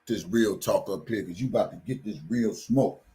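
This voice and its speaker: A man's voice: fairly low pitch, moderate pace, warm tone. A man giving a heated, profane opinion rant as a blogger, repeating himself and using slang. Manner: angry, profane, repeats phrases, AAVE slang. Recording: roomy echo, off-mic distance.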